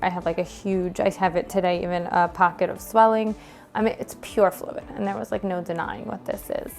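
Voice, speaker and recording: A woman in her thirties with a New York accent speaks in a gravelly, fry-laden voice, telling her own story in a halting, emotional way with plenty of fillers and restarts. A little music plays faintly underneath her. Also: lowish voice, level tone, darkish tone. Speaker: gym member interviewed by her coach. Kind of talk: candid personal conversation.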